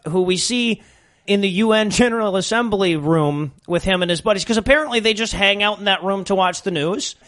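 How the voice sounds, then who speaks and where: A man's voice: sits high, a bit bright. A man co-hosting a comedy podcast, recapping a film's plot with profane asides. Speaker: podcast co-host.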